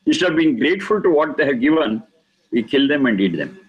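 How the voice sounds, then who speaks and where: A man teaching a lesson on scripture, speaking slowly and emphatically, repeating key words for stress. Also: a little high, very animated, slightly rough, lo-fi sound. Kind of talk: lecture explaining scripture.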